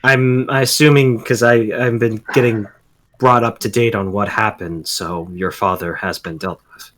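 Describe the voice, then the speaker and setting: A man playing his character in a tabletop role-playing game, talking in a halting way with many fillers and restarts. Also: fairly low pitch, steady tone, a bit bright, slight background noise. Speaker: tabletop player.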